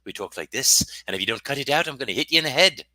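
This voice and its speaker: A fiery Irish woman with an Irish accent, scolding and defiant, as a man acts her out. Her voice sits well above his usual low register. She is ready to lash out at anyone who mocks her. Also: lively intonation, fast, bright, forceful tone, no room sound, low-quality recording. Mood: angry.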